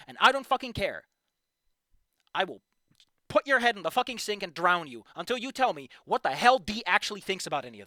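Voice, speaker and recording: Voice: mid-range voice, sharp tone, no echo, studio quality. A fanfiction critic reading a story aloud and breaking off into exasperated, profane rants, sighing between points. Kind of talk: ranting commentary on a reading.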